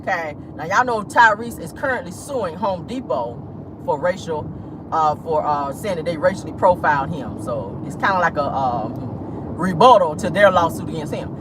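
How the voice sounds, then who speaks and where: A woman's voice: sits low, animated, moderate pace, noisy background. A woman hosting a celebrity gossip show in casual, sassy commentary full of slang and laughter, talking from a car.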